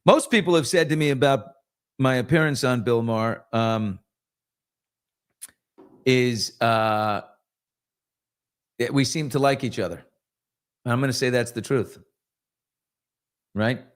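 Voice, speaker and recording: A middle-aged man hosting a relaxed morning chat, with a voice of ordinary pitch. He reads viewer comments and slides into long, joking anecdotes full of asides and restarts. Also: slow pace, pauses often. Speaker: host. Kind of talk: casual live show chat and storytelling.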